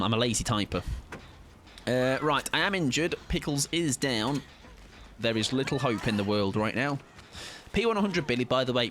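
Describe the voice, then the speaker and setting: A man streaming a game, chatting playfully and excitably with teammates. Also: lowish voice, a little hiss or hum. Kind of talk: casual gaming chat.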